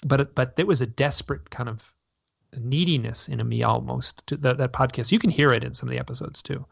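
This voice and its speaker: Speaking a little fast with vocal fry, a mid-range North American man tells his story as an interview guest, often starting his sentences over. There's no room sound, but the radio recording comes across dull and lo-fi.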